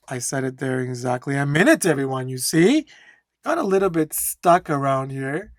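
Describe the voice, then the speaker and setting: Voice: mid-range voice, expressive. A speaking test instructor teaching a lesson, stressing key words and often checking in with "okay?". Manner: slow, emphatic, keeps checking in with "okay?".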